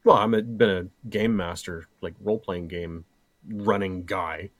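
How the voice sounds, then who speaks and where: Low-voiced playful middle-aged man. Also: steady tone, measured pace, no room sound. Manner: playful, jokey, rambling. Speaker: podcast co-host. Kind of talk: casual chat.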